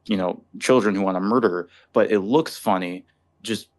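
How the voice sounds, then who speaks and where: A man giving steady, matter-of-fact opinions in a casual movie discussion. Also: fairly low pitch, normal speed. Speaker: podcast co-host.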